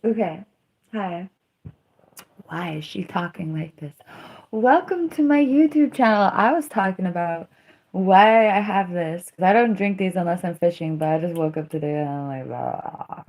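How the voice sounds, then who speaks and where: A woman's voice: lowish voice, animated, normal speed, a little mellow. A woman livestreaming, telling rambling stories between laughs and answering her chat.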